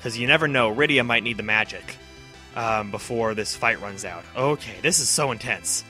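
A man giving excited commentary over a video game playthrough, cheering at the big moments and talking to the characters. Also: mid-range voice, normal speed, faint music behind. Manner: talks to himself and to the characters. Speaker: let's play host.

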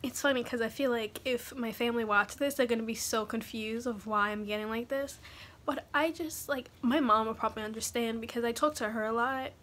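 A young woman talking haltingly in a personal confessional vlog, pausing often to collect her thoughts. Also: fairly high pitch, steady tone, fairly bright tone. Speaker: vlogger.

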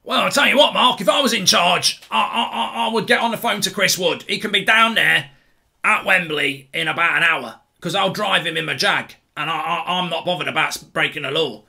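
A man's voice: sits high, a little fast, vocal fry, bright, forceful tone, exaggerated voice. A man putting on a rambling, boastful older Burnley football fan with a Lancashire accent and a cheeky, stammering bravado.

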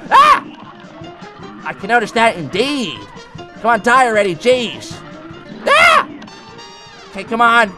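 A man voicing an excitable male cat, commenting on a game, yelping and talking back to the bosses. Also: very high-pitched. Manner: yelps and screams, talks to the bosses. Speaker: let's play gamer.

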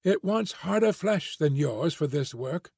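A man's voice: fairly high pitch, lively intonation, measured pace, gravelly, darkish tone, slightly rough, no echo, studio quality, full character voice. A man voicing a stout, kindly young farm woman who turns dreamy and tipsy, with homely rural speech. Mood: scolding.

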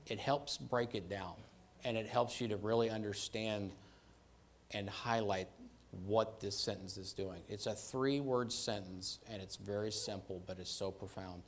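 A man's voice: fairly low pitch, fairly even intonation, unhurried. A man preaching a sermon in a conversational way, stressing and repeating key phrases and often checking in with "right?" and "okay?".

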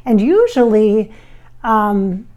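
A woman's voice: mid-range voice, very animated, slow pace, warm tone. A woman from the American Midwest who channels spirits, talking casually to camera on a microphone about viewer comments, chatty and reassuring with fillers and restarts. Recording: recorded on a microphone.

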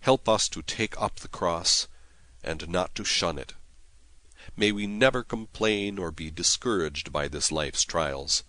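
A priest reads prayers and scripture with solemn, measured care, in a very low voice that moves slowly. His tone is bright and clear. The sound is dry and close, with no room behind it. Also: dry recording. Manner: solemn, measured reading with Latin chant-like prayers. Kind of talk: devotional reading of prayers and scripture.

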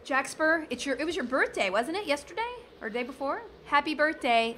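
A woman's voice: high-pitched, animated, fairly quick, sharp tone, a little hiss or hum. A woman from the southern United States giving chatty, jokey commentary while playing a video game. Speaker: gaming streamer. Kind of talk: casual gameplay commentary.

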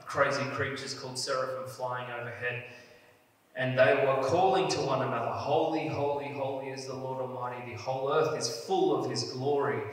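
Pastor, male, mid pitch, earnest sermon delivery, picked up from some way off in a very echoey hall. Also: fairly bright tone. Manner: earnest, builds emphasis on key phrases. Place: church hall. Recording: echoey church hall, mic at a distance.

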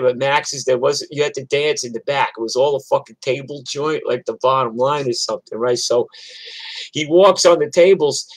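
An older man from New York chats casually on a livestream, spinning rambling, foul-mouthed stories full of restarts. His pitch is medium, and the recording is dry and rough.

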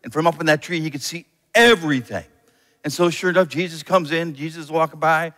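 A man's voice: on the high side, brisk. Male pastor telling a kids' story. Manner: animated storyteller, acts out characters. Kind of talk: children's bible storytelling. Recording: long hall reverb, faint music.

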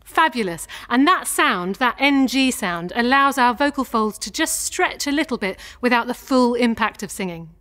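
Woman voice teacher, calm and encouraging, slightly higher voice, walks you through warmups. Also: moderate pace, few pauses. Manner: gentle, encouraging, demonstrates sounds. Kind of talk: guided vocal warm-up lesson.

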